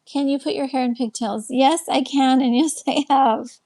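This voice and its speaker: A woman with a Texan accent and a fairly high voice hosts a relaxed live stream. She chats along easily, welcoming each viewer by name and answering their comments. She speaks into a webcam and sounds a little tired, like she is winding down for the night. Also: moderate pace. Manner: chatty, greets viewers and answers comments aloud. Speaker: live stream host and life coach. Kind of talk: casual live stream chat.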